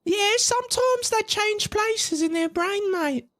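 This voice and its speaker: A cheeky, chatty Australian mum from a role-play game, played by a woman with a deliberately overdone accent. Her voice sits very high and squeaky. She keeps tossing in "mate" and "love". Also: fairly bright tone, heavily acted. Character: chirpy Australian mum of two daughters.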